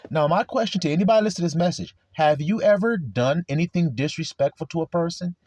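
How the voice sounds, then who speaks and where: A man's voice: a little high, fast talker, a little mellow, no room sound. A man preaching an informal sermon, confrontational and full of rhetorical questions, with coarse language.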